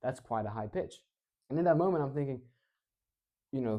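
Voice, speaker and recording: This is a male speaking coach in a casual teaching talk, shifting from animated to slow. The delivery sits low, and the audio comes from a clip-on mic.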